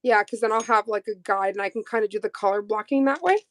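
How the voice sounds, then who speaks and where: A woman co-hosting a casual chat, talking in an animated, playful way. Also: mid-range voice, fast, no room sound. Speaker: co-host.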